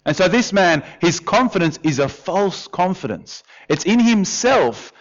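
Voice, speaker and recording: A man's voice: high-pitched, measured pace, lo-fi sound. A man preaching a sermon in a conversational way, often acting out voices. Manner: lively, conversational, often acts out quoted voices. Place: church hall.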